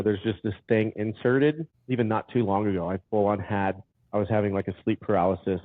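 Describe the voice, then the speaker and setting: A man telling stories as a podcast guest in casual conversation, animated and saying "dude" a lot. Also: lowish voice, dry recording. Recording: tinny phone-like line, dry.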